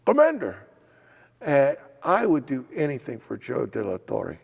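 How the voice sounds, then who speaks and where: An older man, a former legislator and state official, telling anecdotes in an oral history interview with a gravelly voice. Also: medium pitch, moderate pace. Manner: animated anecdotes with acted quotes and laughs. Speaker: former legislator and assistant insurance commissioner. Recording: hall reverb.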